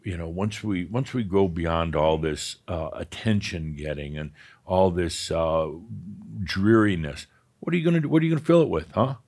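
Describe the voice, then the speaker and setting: Male spiritual teacher, lower voice, live workshop, blunt and profane, laughs often. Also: expressive, moderate pace, a little mellow. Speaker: spiritual teacher leading a session. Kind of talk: live workshop talk with audience.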